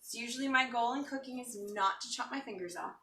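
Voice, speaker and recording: Fairly high-pitched, quick and sharp in tone, this woman hosts a casual live cooking stream at home, her eyes watering from chopping onions. She's chatty and joking and reads viewer comments out loud. The mic is distant in an echoey kitchen, with slight hiss or hum.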